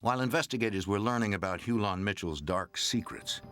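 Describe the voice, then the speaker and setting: A man reading scripted narration for a documentary in an even, serious storytelling manner. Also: on the low side, brisk. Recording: narration over loud music.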